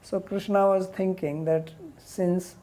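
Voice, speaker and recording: A woman teaching a lecture on a Sanskrit commentary, reading verses quickly and then explaining them in plain, conversational English. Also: fairly low pitch, steady tone, dark tone. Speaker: teacher of scripture.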